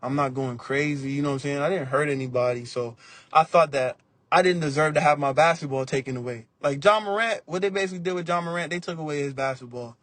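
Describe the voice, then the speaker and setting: Animated young man, slightly high voice. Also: quick pace, no echo. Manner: animated storytelling, acts out quotes; laid-back slang. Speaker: podcast guest, basketball player. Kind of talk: casual interview talk.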